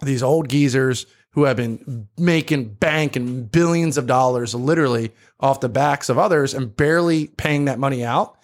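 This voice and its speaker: A man's voice: mid-range voice, normal speed, few pauses. A man with a South Jersey accent, co-hosting a casual podcast and explaining at length with frequent ums. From South Jersey, USA. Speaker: podcast co-host.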